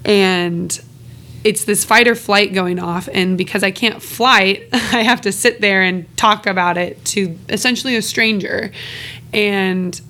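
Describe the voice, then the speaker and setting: A woman's voice: mid-range voice, fairly even intonation, a little slow, pushed and bright. A woman co-hosting a podcast, talking openly and casually, swearing freely and laughing between phrases. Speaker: podcast co-host. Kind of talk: candid casual podcast chat.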